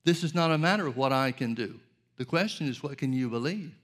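A man's voice: mid-range voice, lively intonation, fairly quick. A man preaching a sermon, earnest and direct, asking rhetorical questions and addressing his listeners as folks.

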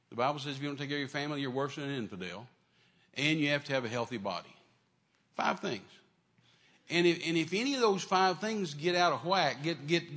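A man's voice: on the high side, fairly bright tone. An older man preaching a sermon in a folksy, repetitive way, stressing points with restarts.

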